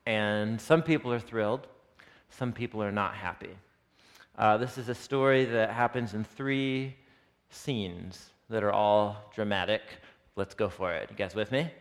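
A man's voice: lowish voice, a little slow. A man teaching scripture to a live group, reading passages aloud, explaining them, and asking the audience questions. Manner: animated, asks the audience questions. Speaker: Bible teacher. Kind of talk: interactive Bible teaching. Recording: long reverb of a hall.

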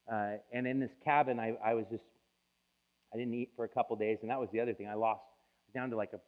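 A man preaching a sermon as a pastor, telling his own story in an emotional, confessional way. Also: lowish voice. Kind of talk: sermon testimony. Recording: tinny phone-like sound.

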